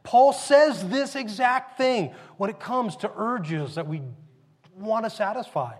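A man's voice: high-pitched, animated, takes it slowly, long reverb tail. A man preaching a sermon in a conversational storytelling manner, often restarting his sentences. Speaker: pastor.

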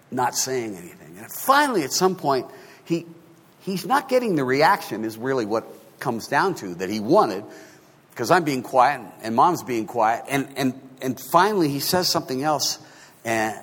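A man in his fifties, a pastor telling a story in a sermon, swinging between hushed and loud. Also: mid-range voice, breathy edge. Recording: long hall reverb.

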